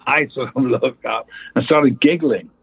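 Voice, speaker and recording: Husky man telling stories over a phone line. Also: mid-range voice, a little slow, no room sound. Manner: storytelling, mimics voices in quotes. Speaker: actor guest. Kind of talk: anecdotal interview chat.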